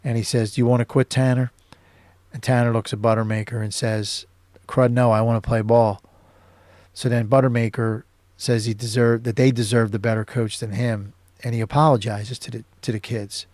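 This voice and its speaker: A man's voice: mid-range voice, level tone, brisk, darkish tone, no echo. A man hosting his own show, casually recapping a film scene by scene, with many ums and uhs. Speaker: show host.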